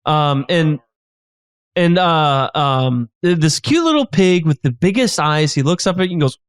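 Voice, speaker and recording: A man's voice: fairly high pitch, expressive, unhurried, clear, resonant tone. A man who is a guest comedian on a casual comedy podcast, talking in a rambling, self-interrupting way on a close mic.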